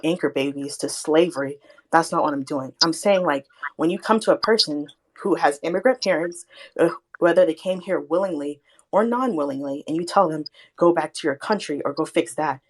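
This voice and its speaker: A woman from Alabama, speaking in an earnest, halting way with many restarts in a live online discussion over a phone mic. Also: deep voice. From Alabama, USA. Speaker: participant in a discussion. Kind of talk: live audio room debate.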